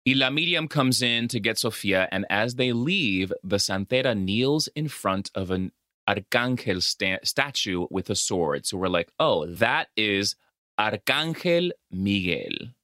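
A man's voice: fairly low pitch, measured pace, dry recording, clean studio sound. A man co-hosting a podcast, recapping a film in a casual chat and mixing Spanish phrases into his English, with a Dominican-American accent. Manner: animated storytelling, switching between English and Spanish. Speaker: podcast co-host.

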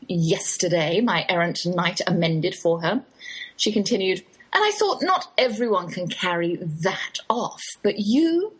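An older woman with an English accent, hosting a radio show in a chatty, playful scripted monologue. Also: husky. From England. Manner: chatty, playful, lively pitch swings.

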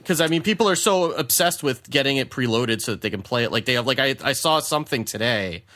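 Relaxed rambling man, mid pitch. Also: fast talker. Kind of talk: casual chat.

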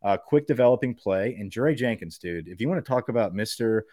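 A man co-hosting a podcast, talking football in a casual, animated way, often profane and acting out coaches yelling. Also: on the low side, brisk, no room sound, studio quality. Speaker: podcast co-host. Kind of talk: casual sports chat.

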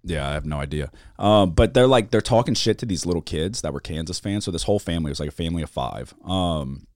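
This man talks in loose, foul-mouthed storytelling, acting out everyone he quotes. His pitch swings widely from line to line. The sound is dry and close, with no room echo. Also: fast. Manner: profane, animated, mimics people he quotes. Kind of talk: casual storytelling chat.

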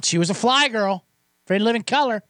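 A man's voice: high-pitched, animated, fast talker, a bit bright, no echo, studio quality. A man hosting a podcast, ranting in a profane, sarcastic and rambling way with many restarts. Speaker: podcast host. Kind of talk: comedic rant.

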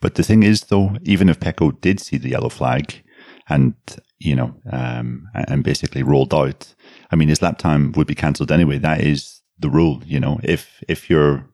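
A man's voice: extremely low pitch, normal speed, vocal fry, mellow, dry recording, clean studio sound. A man talking as a racing pundit, matter-of-fact with some fillers. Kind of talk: studio discussion.

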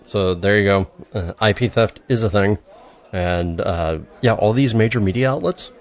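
A man's voice: fairly low pitch, moderate pace. A man co-hosting a beer podcast in casual, rambling chat with many fillers. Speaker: podcast co-host.

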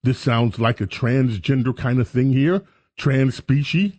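A man's voice: medium pitch, measured pace, darkish tone, muffled recording. A man hosting a talk radio show, rambling through a jokey, self-mocking monologue.

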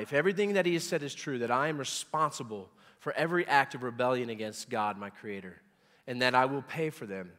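A man's voice: mid-range voice, big-room sound. Emphatic man in his forties preaching. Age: 40s. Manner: emphatic preacher, repeating words and swelling loud on key points. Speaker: pastor. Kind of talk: sermon.

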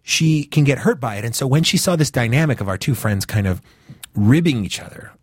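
A man's voice: mid-range voice, lively intonation, fairly quick, slightly rough. A man from the northeastern United States hosting a podcast, talking casually and rambling with lots of fillers and restarts. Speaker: podcast host.

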